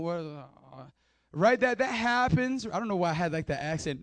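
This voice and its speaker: A man's voice: on the high side, big pitch swings, brisk, no room sound. A man leading a church service as pastor, joking and playful, firing up the crowd into a mic. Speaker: youth pastor. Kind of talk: energetic church service talk. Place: church hall.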